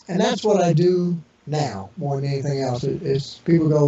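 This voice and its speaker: A man's voice: on the high side, moderate pace. A man as an interview guest, telling rambling casual anecdotes full of fillers and restarts, acting out the voices of people in his stories. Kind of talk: casual storytelling. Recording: echoey, distant, muffled internet radio audio with crowd noise.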